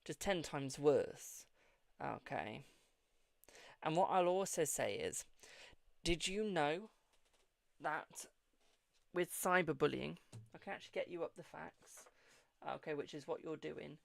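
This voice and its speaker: A man's voice: a little high, expressive, a little slow, creaky, fairly bright tone, no echo. A British man hosting a live-stream tarot reading, affectionate and repetitive, who keeps calling viewers "my darling". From United Kingdom. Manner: affectionate, repeats phrases, calls viewers "my darling" and "boo".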